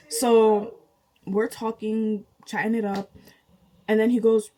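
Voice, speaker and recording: A young woman, casually telling a storytime to her channel, animated and chatty, laughing often and jumping high in pitch with disbelief. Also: slow, long pauses, poor audio. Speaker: vlogger.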